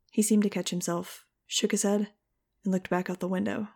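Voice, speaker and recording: A woman's voice: medium pitch, flat delivery, moderate pace, a little mellow. A woman reading a first-person audiobook in a wry, casual storytelling manner. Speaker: audiobook narrator.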